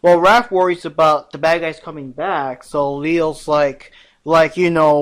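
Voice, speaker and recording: A young man co-hosts a laid-back fan podcast, retelling episode scenes with lots of "like" and bits of acted dialogue. His voice sits a little high for a man. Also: unhurried. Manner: animated, acts out quotes in voices. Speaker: podcast co-host. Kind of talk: casual fan chat about a cartoon.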